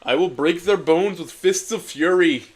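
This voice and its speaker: A man voicing a bombastic, lasagna-obsessed cartoon cat hero who booms grand declarations. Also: normal speed, close to an everyday voice. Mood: roaring.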